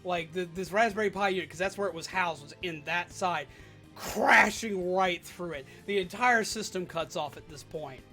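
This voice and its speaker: A young adult livestream host telling a work story in an animated, sarcastic rant while chatting with viewers. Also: medium pitch, moderate pace, soft background music. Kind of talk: live stream storytelling rant.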